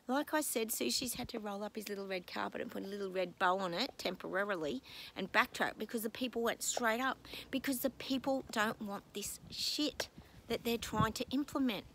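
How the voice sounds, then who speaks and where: A woman's voice: mid-range voice, moderate pace, vocal fry, a bit bright, slight background noise, poor audio. A woman psychic talking in a casual vlog from home, rambling and exasperated, breaking off with apologetic asides. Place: at home with her dogs.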